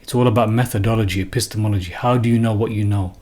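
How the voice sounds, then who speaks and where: A man's voice: on the low side, steady tone, rapid-fire, darkish tone. A man giving an unscripted religious talk, earnest and emphatic, often repeating and restarting phrases. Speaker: religious commentator.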